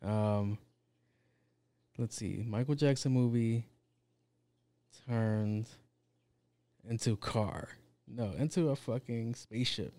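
A man's voice: mid-range voice, slow pace, long pauses, mellow, no echo. A man ranting casually and comically, rambling and swearing, packed with fillers. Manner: rambling, profane, lots of fillers. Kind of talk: casual comedic rant.

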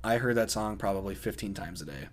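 A man's voice: on the low side, fast. A young man co-hosting a podcast in casual chat, joking around and laughing often. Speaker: podcast co-host.

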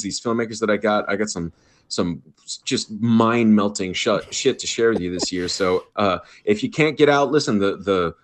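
A man's voice: on the low side, fairly bright tone. A man guesting on a podcast, talking casually, swearing freely, laughing and stumbling over restarts. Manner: profane, laughing, stammers and restarts often. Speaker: podcast guest, film festival organizer.

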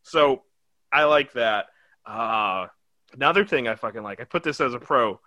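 A man's voice: medium pitch, expressive, normal speed, pushed and bright, no echo. A young man hosting a podcast, reviewing a movie in casual, rambling chat that is full of swearing and laughter. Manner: rambling, profane, laughs often. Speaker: podcast host.

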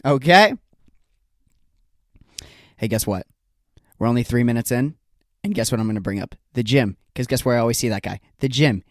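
A man's voice: medium pitch, no echo, clean studio sound. A young man hosting a solo podcast, rambling in a jokey, self-deprecating way. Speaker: podcast host.

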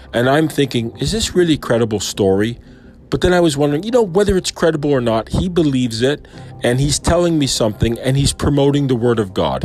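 A man talking through his thoughts in an unscripted monologue, questioning and pausing often as he weighs his words. His voice sits at an ordinary middle pitch. Soft music plays faintly underneath. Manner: thoughtful, questioning, with frequent pauses and fillers. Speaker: Christian believer reflecting on a sermon. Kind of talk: personal reflective monologue.

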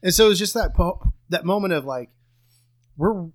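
A man's voice: high-pitched, expressive, normal speed. Rambling self-deprecating man podcasting. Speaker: podcast co-host. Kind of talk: casual chat. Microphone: home microphone, remote call.

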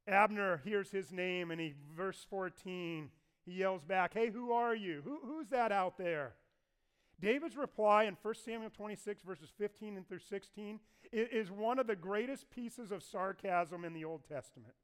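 A male pastor preaching a sermon in a church. His voice sits high for a man and sounds smooth and resonant. He tells the story in a lively way and acts out what each figure says. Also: normal speed. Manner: animated storyteller acting out voices.

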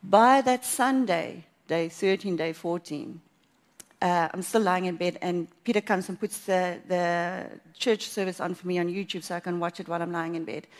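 A woman giving a personal faith testimony at church, telling her story in a lively way and acting out what she thought at the time. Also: lowish voice, moderate pace. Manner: animated storytelling, acts out her own past thoughts, laughs often.

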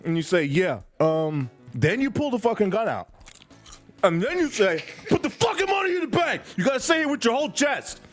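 A man's voice: high voice, very animated, moderate pace, soft background music. A man doing a brash ex-con ghost. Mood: lecturing. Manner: brash, profane, bossy lecturing. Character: gruff male ghost ex-con convenience store regular.

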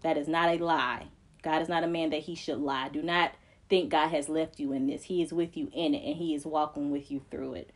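A woman's voice: low voice, fairly even intonation, brisk. A woman co-hosting a faith podcast, speaking earnestly and emphatically, with repeated phrases that build like preaching. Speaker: podcast co-host.

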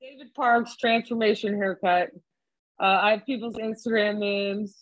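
Casual female co-host, profane and animated, slightly dull dry sound. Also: mid-range voice, normal speed, no room sound. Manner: swears a lot, animated storytelling. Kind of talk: casual chat.

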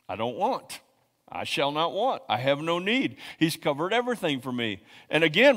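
Man, pastor's sermon, emphatic and repetitive, slightly higher voice, long hall reverb. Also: fairly bright tone. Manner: emphatic, repeats key lines, rising to passionate peaks.

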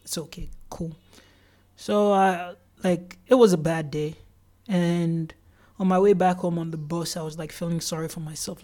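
Telling the story of their day, a solo podcast host talks in a mellow mid-range voice at a normal speed with fairly even intonation. The delivery is chatty and loose, packed with "like" fillers and imitated quotes from others.

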